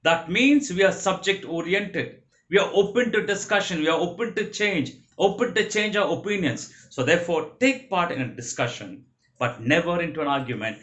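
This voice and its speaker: A man's voice: high voice, lively intonation, normal speed, fairly bright tone. A man with an Indian English accent giving a motivational training lecture, emphatic and repeating his key phrases.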